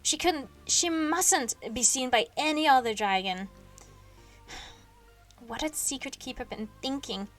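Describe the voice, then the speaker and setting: A woman with a high voice reads a novel aloud on a home stream. She sounds sleepy and yawns now and then, and she catches and corrects small slips as she goes. Soft music plays faintly under her voice. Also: unhurried, pauses often. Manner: expressive reading with small slips and self-corrections. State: sleepy, yawning. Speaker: streamer reading a book aloud.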